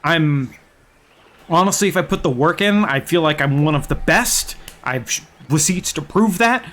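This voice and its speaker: A young man telling game stories in a casual, excited and profane way as a streamer. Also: fairly high pitch, normal speed, slight background noise. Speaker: gaming streamer. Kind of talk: casual chat.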